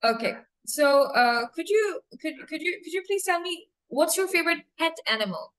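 A woman's voice: very high voice, expressive, normal speed, fairly bright tone, rough recording. A woman teacher running a mock English speaking test, asking questions patiently, repeating and spelling them out and often laughing. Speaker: English teacher acting as examiner.

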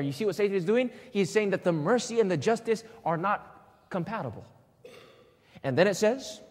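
A man with a high voice preaches a sermon in a church hall, and a long reverb trails after his words. He is emphatic, repeats his key phrases, and keeps prompting the congregation to answer him. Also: animated, fairly quick, darkish tone. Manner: call-and-response, asks the congregation questions.

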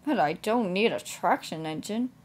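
A woman's voice: mid-range voice, animated, normal speed, close to an everyday voice. A woman voicing a kindly, cheerful male village vicar in a storybook reading. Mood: friendly.

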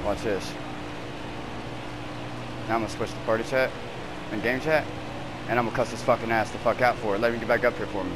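A man at home snaps profanity-laden trash talk at online racing opponents, heated and ranting to his teammates. His voice sits at an ordinary pitch, picked up by a headset. Air-conditioning hum and noise run under the recording. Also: fairly even intonation, a little fast, pauses often. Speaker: gamer streaming online racing. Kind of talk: angry gaming trash talk.

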